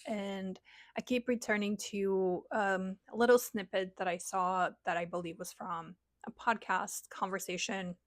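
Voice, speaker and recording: A woman's voice: medium pitch, fairly bright tone, no room sound. A woman enthusiastically recommending books in a casual, rambling vlog, gushing about what she loves. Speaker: book reviewer.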